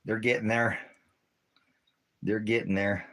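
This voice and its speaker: A man's voice: on the low side, flat delivery, measured pace, fairly bright tone. A man in a casual outdoor vlog, rambling as he walks through his garden and talks baby-talk to his cats. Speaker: ministry vlogger.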